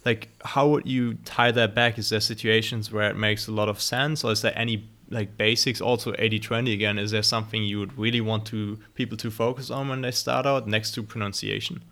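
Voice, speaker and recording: A male interviewer with a fairly low voice asks his questions slowly, pausing and filling the gaps with ums and likes. The conversation is casual. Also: a bit bright. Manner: hesitant, many fillers.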